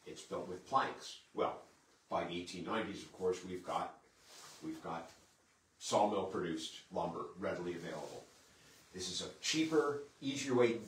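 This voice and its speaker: A man, a museum historian, giving a conversational public history lecture with slides, posing and answering his own questions. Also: sits low. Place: lecture room at a historic site. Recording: roomy sound from a distant mic with faint background noise.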